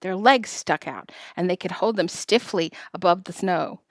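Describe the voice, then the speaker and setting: A woman's voice: on the low side, moderate pace, no echo. Woman reading a story aloud, dry sound. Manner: expressive, dramatic narration. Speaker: storybook reader. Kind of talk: reading a children's novel aloud.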